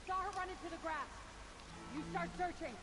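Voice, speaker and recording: Terse bandit soldier on the hunt. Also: female voice, very high voice, steady tone, brisk. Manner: terse, urgent orders. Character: female bandit soldier hunting an intruder. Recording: game audio over loud music.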